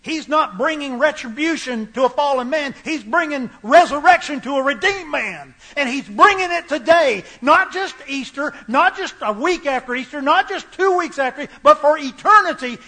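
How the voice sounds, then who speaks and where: A man preaches a sermon with a very high, bright voice. He builds his points through emphatic repetition, returning to the same phrases again and again. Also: expressive, normal speed.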